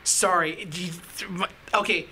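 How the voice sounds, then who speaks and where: A woman co-hosting a podcast in casual chat, retelling a story in an animated way. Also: lowish voice, moderate pace, noisy background. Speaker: podcast co-host.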